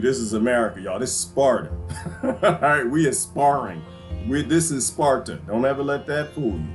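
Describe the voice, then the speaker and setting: A man from the Washington DC area who hosts a livestream and rambles through a morning monologue to his viewers. He swings from loud outbursts to low muttering and laughs often. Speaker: livestream host.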